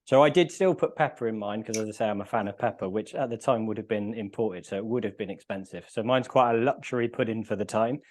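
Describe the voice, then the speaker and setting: A man's voice: on the low side, fast, hardly any pauses, darkish tone. Man, podcast host, casual chat, mouth full, murmuring. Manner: chews and murmurs between words. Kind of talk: casual chat while tasting food.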